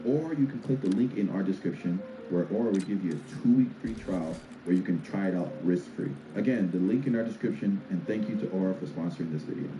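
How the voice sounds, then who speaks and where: A man's voice: deep voice, a little fast, hardly any pauses. A man co-hosting a casual podcast chat, telling stories in a laid-back way. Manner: laid-back storytelling, reads sponsor spot. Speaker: podcast co-host. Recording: echoey room with background noise.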